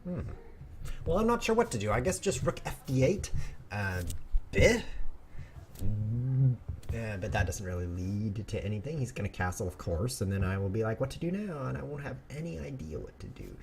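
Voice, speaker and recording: A man's voice: on the low side, big pitch swings, normal speed, darkish tone, slight background noise. Playful man rambling over a game. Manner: playful, jokey, rambling asides. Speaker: chess streamer host. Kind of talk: casual live commentary while playing.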